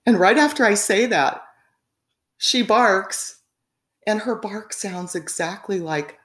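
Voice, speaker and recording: A woman's voice: mid-range voice, slow pace, fairly bright tone. A woman telling a story casually as a guest, rambling with frequent fillers and laughs. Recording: echoey room.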